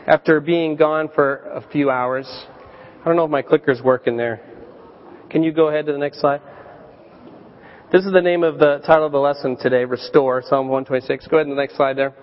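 High-voiced pastor in a reverberant church. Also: male voice. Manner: conversational storytelling, animated with voiced quotes. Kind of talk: sermon. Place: church sanctuary. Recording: dull church recording with long reverb.

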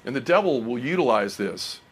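A man's voice: mid-range voice, sing-song, brisk, slightly rough. A middle-aged man preaching a sermon, earnest and personal, often asking the congregation questions.

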